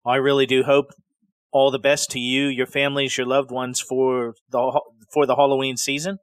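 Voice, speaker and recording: A man's voice: medium pitch, fairly bright tone, no echo. A middle-aged man from the Pacific Northwest hosting a podcast, telling stories in a rambling, conversational way full of digressions. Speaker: podcast host. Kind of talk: casual spoken storytelling.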